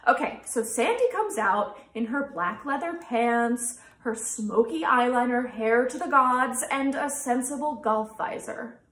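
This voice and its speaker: A woman's voice: fairly high pitch, animated, measured pace, hardly any pauses, fairly bright tone. Incredulous woman in an echoey room. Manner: incredulous, emphatic. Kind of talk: scripted comedy sketch.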